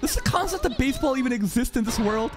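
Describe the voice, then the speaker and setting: An anime reaction channel host giving casual, excitable commentary, swearing often and laughing a lot. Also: sits high, quick pace, music in the background.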